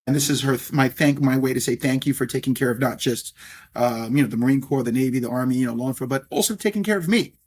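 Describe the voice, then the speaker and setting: Speaking very fast in a slightly rough, mid-range voice, a middle-aged New Yorker who owns a scotch brand gives a podcast interview. He's animated and full of fillers and restarts.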